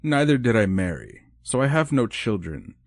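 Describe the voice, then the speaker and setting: A man's voice: mid-range voice, sing-song, moderate pace, gravelly, no room sound, clean studio sound, voice pushed up. A man voicing a lonely, proper older woman in an audiobook, formal and hesitant in speech. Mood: wistful, formal. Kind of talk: audiobook character voice.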